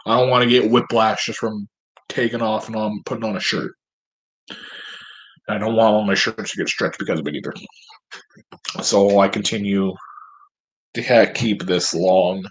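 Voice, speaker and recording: A man's voice: lowish voice, husky. A man at home, talking straight to camera in a rambling, profane, self-mocking monologue. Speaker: vlogger.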